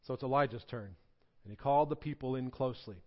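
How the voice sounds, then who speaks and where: A man's voice: medium pitch, quick pace, dull audio. A male pastor preaching a sermon in a church, reading scripture dramatically with humorous asides. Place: church sanctuary.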